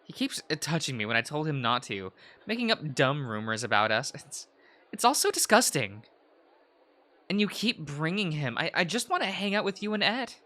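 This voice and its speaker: A man's voice: fairly high pitch, big pitch swings, moderate pace, pushed and bright. A man voicing an earnest, blunt teenage girl who narrates a visual novel in first person, close to tears. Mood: upset. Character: teenage girl protagonist, blunt, fed up with boys.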